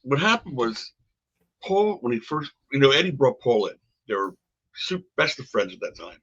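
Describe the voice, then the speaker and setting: Older guy w a bright husky voice, rambling through old stories, kinda dull lo-fi sound. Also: medium pitch, sing-song, moderate pace. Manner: rambling anecdotes with frequent restarts. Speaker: podcast guest, former wrestling promoter. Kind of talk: casual storytelling conversation. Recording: dull lo-fi podcast audio.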